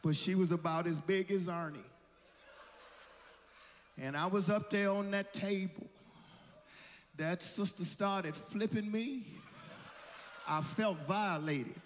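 A man in his sixties preaching a sermon, telling stories and building to shouted exhortation in a church. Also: sits high, slow pace, long pauses, long reverb tail, a little hiss or hum. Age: 60s. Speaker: pastor.

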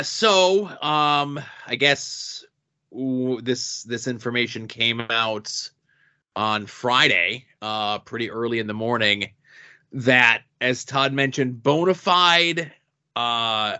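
A man's voice: mid-range voice, slow, pushed and bright, muffled recording. A man co-hosting a podcast in casual chat, wry and joking, often restarting his sentences. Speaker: podcast co-host. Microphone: remote call recording.

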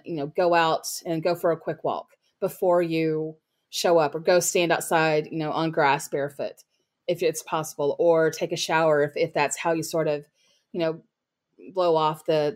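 A woman's voice: sits low, darkish tone. A woman speaking as a podcast guest about her copywriting work, in casual interview talk full of "like" and "you know". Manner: chatty, heavy use of "like" and "you know" fillers.

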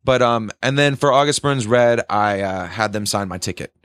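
A young man telling a concert story in casual chat, excitable and swearing, with loud quoted outbursts. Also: fairly low pitch, moderate pace, clear, resonant tone, no echo, clean studio sound.

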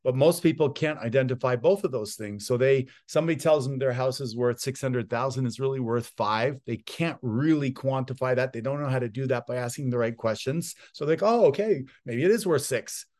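A man's voice: medium pitch, brisk, hardly any pauses. A middle-aged man in a conversational interview, giving real estate sales advice and acting out the voices of people he quotes. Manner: animated storyteller, acts out quoted voices. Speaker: real estate guest expert.

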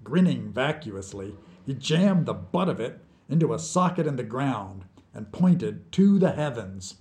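A man reading his own short story aloud as scripted narration, with slow, deliberate storytelling. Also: medium pitch, very animated, dark tone.

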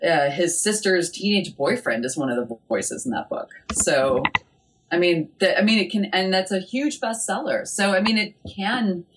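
A woman literary agent talking casually in an interview, animated and chatty, with lots of "like" and "I mean" fillers. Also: medium pitch, moderate pace, noisy background.

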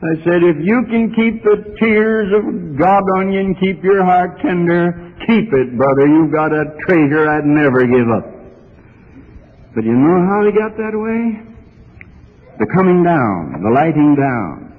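A middle-aged male preacher, voice on the high side and pace a little slow, shares a story in church with lively intonation. His earnest telling builds in fervor, and the archival audio is reverberant and phone-like.

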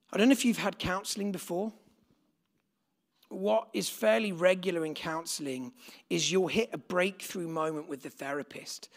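A pastor preaching a sermon to a church crowd, chatty and direct as he asks them questions. His voice is gravelly with plenty of fry, and it sits a bit above the usual male pitch. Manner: conversational, asks the congregation questions. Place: church gathering with live congregation.

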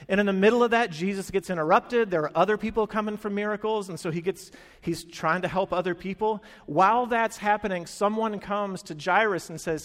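A man's voice: high voice, brisk, few pauses. A man preaching a sermon, telling the story with animation and acting out the quoted lines. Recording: long hall reverb.

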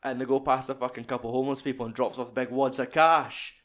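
A man's voice: medium pitch, steady tone, fast talker, fairly bright tone. A young man chatting casually about a film, rambling and swearing as he retells scenes. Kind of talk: casual film review chat.

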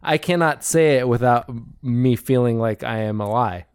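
A man's voice: mid-range voice, normal speed, clean tone, no room sound, studio quality. A man co-hosting a casual chat in a laid-back, wry way. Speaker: podcast co-host.

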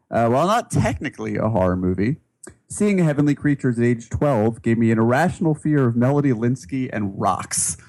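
A man co-hosts a casual podcast chat with a wry, chuckling delivery. His voice sits at an ordinary middle pitch for a man. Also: a little mellow. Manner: wry, chuckles while talking. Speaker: podcast co-host.

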